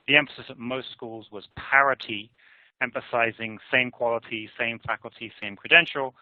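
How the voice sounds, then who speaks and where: A man giving a measured, analytical conference presentation on survey findings. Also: mid-range voice, no echo. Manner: measured, analytical, hedges with "I would argue". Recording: tinny phone-like dry audio.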